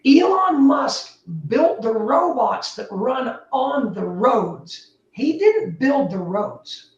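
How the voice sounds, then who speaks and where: A woman, a building technology entrepreneur, talking as a guest in a casual interview, animated and emphatic with big swings in pitch. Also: slow, lo-fi sound. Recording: roomy, distant mic.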